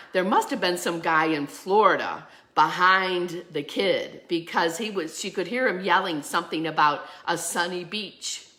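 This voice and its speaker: A woman minister giving a sermon, telling a story with animation and acting out the voices in it. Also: fairly low pitch. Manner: drops to a soft hush at the close.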